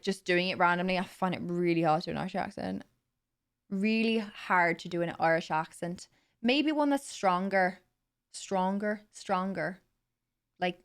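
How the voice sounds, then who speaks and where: Chatty young woman streamer. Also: on the low side. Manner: chatty, answers chat questions, laughs often. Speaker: livestream host. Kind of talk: casual chat with viewers.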